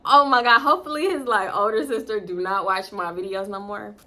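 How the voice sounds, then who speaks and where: Animated, bright-voiced young woman vlogger. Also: brisk. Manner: animated, swings into loud high-pitched acted quotes. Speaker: storytime vlogger. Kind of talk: casual storytime chat.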